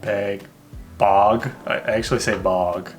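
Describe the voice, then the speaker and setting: A man's voice: medium pitch, moderate pace, soft background music. A young man from Minnesota with a Minnesotan accent, chatting and joking as host of a reaction video. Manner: joking, playful, laid-back. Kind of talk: casual reaction chat.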